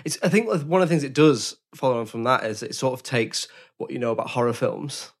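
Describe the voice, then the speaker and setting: A man's voice: mid-range voice, expressive, fairly quick. Thoughtful man discussing a film. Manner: thoughtful, hesitant, qualifies his points. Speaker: podcast co-host.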